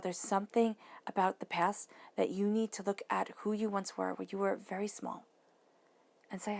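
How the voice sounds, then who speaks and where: A woman giving a tarot reading, talking soothingly and dropping now and then to soft whispers. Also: medium pitch, level tone, normal speed, gravelly. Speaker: tarot reader.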